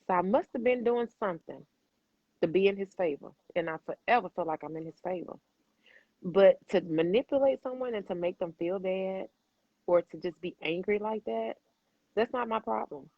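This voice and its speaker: A woman's voice: mid-range voice, normal speed, no echo, dull audio. A woman hosting a podcast, talking candidly and emphatically, swearing freely and calling the listener baby. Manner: addresses listener as baby and boo. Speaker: podcast host.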